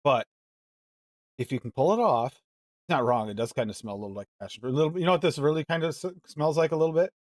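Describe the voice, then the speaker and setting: A man's voice: on the high side, fast talker, dry recording, studio quality. A man hosting a live mixing show, chatting casually and reading recipes aloud in a rambling, musing way. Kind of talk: casual live-stream chat.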